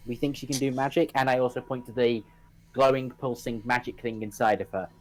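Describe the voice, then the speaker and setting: A man's voice: mid-range voice, steady tone, fairly quick, poor audio. A man as a player in a tabletop game, chatting casually and explaining plans.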